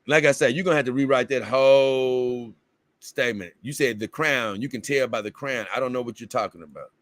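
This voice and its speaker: A man's voice: mid-range voice, a little fast, a bit bright, no room sound. A man hosting a livestream in casual chat, reading viewer comments aloud and rambling, with bursts of exasperated confusion. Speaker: livestream host.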